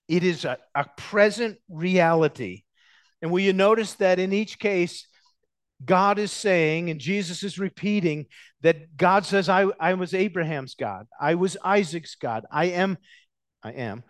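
Man, pastor, sermon, emphatic, drawn-out stresses, slightly high voice, dry close recording. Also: dry recording. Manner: animated, emphatic preaching with sudden loud stresses and drawn-out words. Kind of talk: expository sermon.

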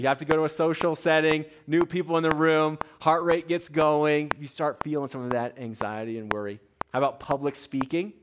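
A man in his thirties, a pastor, opening with a soft prayer and then preaching to a congregation with storytelling and questions to the room. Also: on the high side, background noise. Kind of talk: sermon. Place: church sanctuary with a congregation.

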